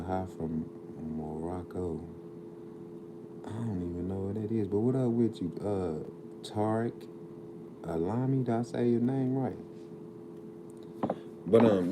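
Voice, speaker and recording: Middle-aged male streamer, very low voice, earnest fatherly talk, steady background noise. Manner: earnest, preachy, drawling street slang. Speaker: livestream host. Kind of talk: casual livestream talk. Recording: noisy background.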